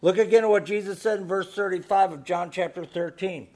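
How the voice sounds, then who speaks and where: A man with a high, light voice preaches a sermon. He drops to a near hush while telling a story, then builds to loud, emphatic exhortation. He keeps asking the congregation rhetorical questions. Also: fairly quick. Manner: swings between hushed storytelling and loud exhortation. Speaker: pastor.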